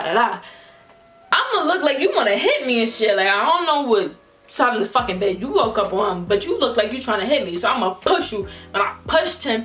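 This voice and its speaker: A young woman, casually telling a vlog storytime, acting out the people in it with slang and swearing. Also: on the high side. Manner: animated, acts out quoted voices with slang and swearing. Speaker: vlogger.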